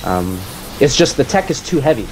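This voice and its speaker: A man casually explaining his own strategy game match as he plays it, relaxed, with many fillers. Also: medium pitch, moderate pace, soft background music.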